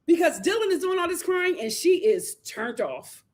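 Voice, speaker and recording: A woman hosting a live reality show recap, talking dramatically, laughing and mimicking the cast in hushed voices. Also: extremely high pitch, sing-song, normal speed. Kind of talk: animated live recap commentary.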